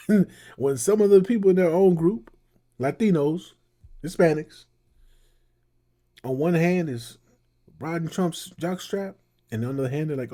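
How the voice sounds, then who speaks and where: A man's voice: a little high, a little slow, pauses often, dark tone. A man hosting a casual reaction commentary, talking loosely and rambling. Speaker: commentary host.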